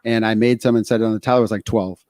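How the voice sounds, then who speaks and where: A man's voice: fairly low pitch, fairly even intonation, very fast, a little mellow, no room sound, studio quality. A middle-aged man from the United States co-hosting a podcast, telling candid stories with lots of fillers. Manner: candid storytelling with many fillers. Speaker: podcast co-host. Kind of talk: casual podcast talk.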